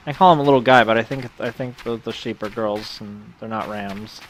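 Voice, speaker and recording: A man giving let's play commentary, wry and self-mocking with quiet mumbled asides. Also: mid-range voice, fairly quick, few pauses, slight background noise. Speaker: game commentator.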